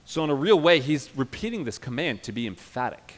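A male pastor preaching a sermon, emphatic, swinging from loud urging to quiet earnest passages. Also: medium pitch, sing-song, fairly quick, long reverb tail.

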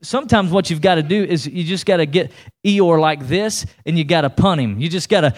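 A man preaching a sermon as pastor, energetic and repetitive, often restarting his sentences as he pushes his point. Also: fairly high pitch, fairly quick, hardly any pauses.

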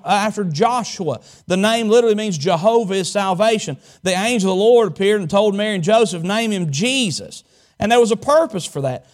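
A male pastor from Southwest Virginia, preaching a sermon and stretching out key words for emphasis. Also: high-pitched. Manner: dramatic preaching, slows and stretches key words, tells folksy stories.

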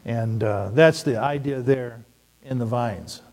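A middle-aged man preaching a sermon, telling stories and asking the audience questions in an animated way. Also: mid-range voice, slow. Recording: long hall reverb.

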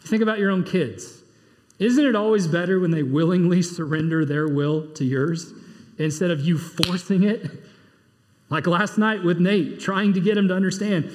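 A man preaching in a high, bright voice. He swings from emphatic, rising bursts down to low, quiet asides. His words ring out with a long reverb from a church hall. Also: moderate pace. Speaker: pastor. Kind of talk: sermon.

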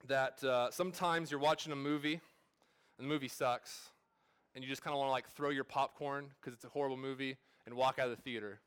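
A man's voice: mid-range voice, a bit bright, clear, resonant tone. A man in his thirties, a pastor, preaching a sermon at a church service in a casual, storytelling way full of fillers and restarts.

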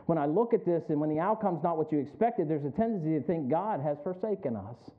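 A man's voice: a little high, animated, fast talker. A male pastor preaching a sermon, with emphatic, rising calls and frequent questions to the congregation. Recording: tinny phone-like sound.

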